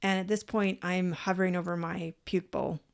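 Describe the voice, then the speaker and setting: A woman co-hosting a podcast, telling a personal story in a casual, animated way, acting out what people said and swearing freely. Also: on the low side, normal speed, gravelly, clean tone. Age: parent, adult. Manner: animated, acts out quoted voices. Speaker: podcast co-host.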